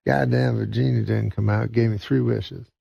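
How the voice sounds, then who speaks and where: A comedian from Canada telling a long rambling joke in a halting deadpan way, full of "uh" and "you know". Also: male voice, medium pitch, vocal fry, slightly rough, no room sound. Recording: dull lo-fi sound.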